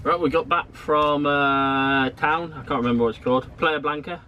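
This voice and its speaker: A man co-hosting a sailing vlog, talking casually in a halting, rambling way with many restarts. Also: on the high side, fairly even intonation, highs cut off, a little hiss or hum. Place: outdoors in a harbour town and on a marina pontoon.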